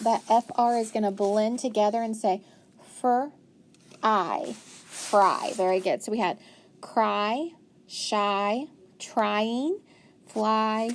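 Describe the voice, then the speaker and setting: A woman with a slightly high voice teaches phonics to young children. She sounds out each word slowly and patiently, breaking it into parts and praising each answer. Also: a little mellow.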